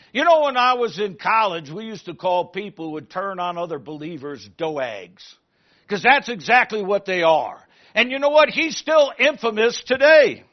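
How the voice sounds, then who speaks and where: A man preaching a sermon, retelling a story in an animated way and asking the congregation questions. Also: high voice. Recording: muffled lo-fi recording.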